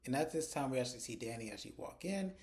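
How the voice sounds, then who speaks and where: A man's voice: medium pitch, animated, racing, darkish tone. A man giving a casual recap of a TV episode, retelling it chattily through quoted dialogue. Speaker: TV episode reviewer.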